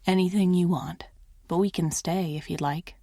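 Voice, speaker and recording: A woman's voice: lowish voice, fairly even intonation, normal speed, dark tone, dry recording. A woman reading an audiobook, voicing a composed, wealthy boss who talks in a dry, bored drawl. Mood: calm.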